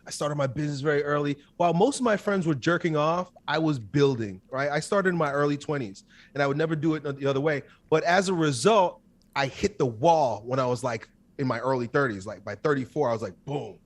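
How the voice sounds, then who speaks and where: Intense guy in his 30s, kinda higher voice, talks in quick emphatic bursts. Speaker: guest. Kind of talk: candid interview storytelling.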